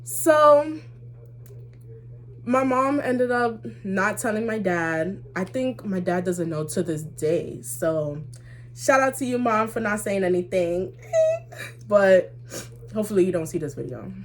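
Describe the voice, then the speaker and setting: Lively young woman telling a story. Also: medium pitch, slow pace, a little hiss or hum. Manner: animated, slangy, with laughs and acted-out dialogue. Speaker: vlogger. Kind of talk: casual storytime vlog.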